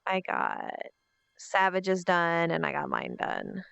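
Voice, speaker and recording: A woman's voice: lowish voice, huge pitch swings, takes it slowly, gravelly, a bit bright, smooth, no room sound. A woman streamer chatting casually, narrating to herself what she is doing while she waits for someone. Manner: thinks aloud while waiting, chatty self-narration. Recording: dull lo-fi stream audio with faint music.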